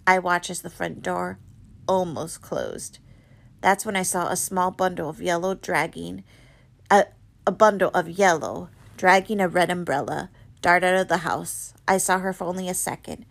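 Woman reading a book out loud, lotsa vocal fry, expressive, trips on words sometimes. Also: fairly low pitch. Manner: expressive, with small slips and restarts. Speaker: reader. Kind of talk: reading a novel aloud.

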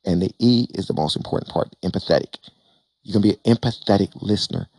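A man who invests in real estate gives an emphatic, animated talk to an audience on a panel, repeating phrases and acting out bits of dialogue. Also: sits low, fast talker, vocal fry, breathy edge, no echo. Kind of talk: motivational stage talk to an audience.

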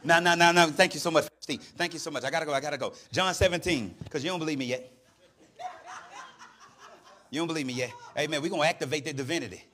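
High-voiced fiery preacher man. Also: fast talker, pauses often, fairly bright tone. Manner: fiery call-and-response preaching, frequent amens. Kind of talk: sermon.

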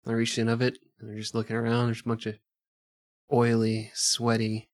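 A man's voice: medium pitch, completely flat delivery, brisk, no echo, studio quality. A man co-hosting a comedic history podcast, riffing, laughing often and acting out silly scenes. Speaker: podcast co-host. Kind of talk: crude comedic history chat.

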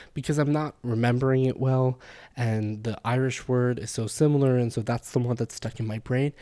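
A man talks through his ideas on a solo podcast in a mellow, warm voice. He explains things casually and loosely, with plenty of fillers and little asides. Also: medium pitch. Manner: chatty and explanatory, with frequent fillers. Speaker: podcast host. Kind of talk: casual spoken podcast monologue.

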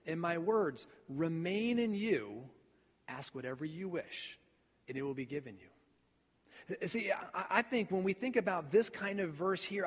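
A man's voice: high voice, slightly rough. A man preaching a sermon as pastor, earnest, often repeating and stumbling over his words. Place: church sanctuary. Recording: long church reverb.

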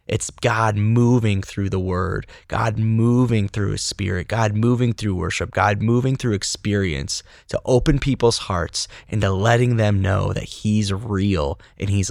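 A man's voice: on the low side, creaky, dry recording, clean studio sound. A man hosting a faith podcast who speaks in a reflective, sermon-like way. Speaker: podcast host.

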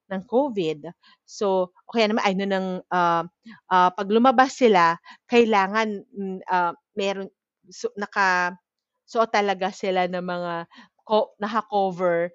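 A woman with a Filipino accent teaches in a steady, explanatory way. She mixes Tagalog with English and keeps checking in with her listeners. The recording is dry and a little dull. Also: medium pitch, no room sound. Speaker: child development lecturer. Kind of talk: explanatory lecture.

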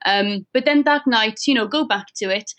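A woman's voice: on the high side, normal speed, a bit bright, dull audio, natural voice. A woman talking in a put-on Welsh accent, chatty and rambling in casual conversation. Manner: chatty, rambling, sing-song. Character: young woman telling her week in a mock Welsh lilt. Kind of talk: casual chat.

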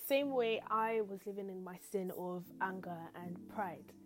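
A woman hosting a casual Bible teaching podcast, telling the story lively and often checking in with listeners. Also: mid-range voice, a little slow, over music, low-quality recording. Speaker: podcast host.

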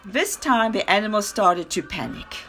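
A woman narrating a children's story in an expressive, dramatic read-aloud style. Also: medium pitch, moderate pace, faint music behind. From South Africa.

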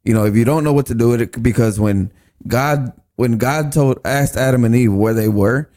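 A man speaking as a guest on a church podcast discussion, earnest and halting, often restarting his sentences. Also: medium pitch, warm tone.

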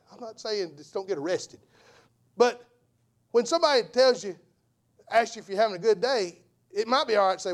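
Impassioned preacher, high and swooping. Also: male voice, expressive, a little fast. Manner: impassioned, swings from hushed to shouting; repeats phrases for emphasis. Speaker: evangelist preacher. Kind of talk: sermon.

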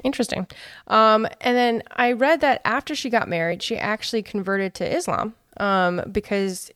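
A woman co-hosts a casual chat show, talking fast and loose and acting out the people she quotes. Her voice is smooth and resonant. The sound is close and dry with no room. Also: medium pitch, no room sound. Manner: chatty, animated, puts on voices when quoting people. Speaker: podcast co-host.

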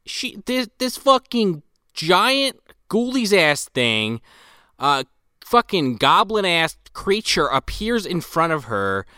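A man's voice: high voice, very animated, takes it slowly, bright, forceful tone, clear, resonant tone, no echo, clean studio sound. A man on a film podcast, recapping scenes in a crude, vivid, casual way.

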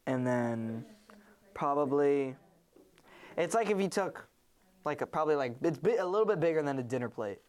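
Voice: medium pitch, expressive, moderate pace, long pauses, darkish tone. Rambling young podcast host, lots of "like". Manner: rambling, many fillers and restarts. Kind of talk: casual chat, retelling a movie.

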